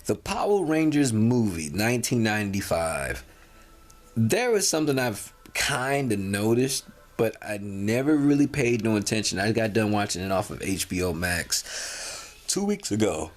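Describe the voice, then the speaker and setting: A man's voice: on the low side, big pitch swings, normal speed. A tired man talking casually to his viewers, rambling with many restarts and fillers. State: tired, yawning. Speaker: vlogger. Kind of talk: casual talk to camera.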